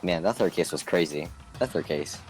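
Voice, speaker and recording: A man's voice: deep voice, animated, moderate pace. A man playing a game and reading its dialogue aloud in his own voice, with chatty asides, game music behind him. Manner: voices every character himself, chatty asides. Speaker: let's play gamer reading dialogue aloud.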